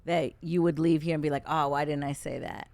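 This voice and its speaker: A woman's voice: low voice, little pitch movement, brisk, darkish tone, dry recording. A woman hosting a casual live interview, laid-back and prompting her guest with questions. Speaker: host.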